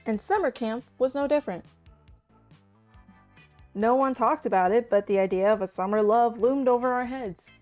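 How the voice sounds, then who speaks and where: A woman's voice: a little high, normal speed, pauses often, darkish tone, faint music behind. A woman streamer reading game narration aloud to friends, playful with giggly asides.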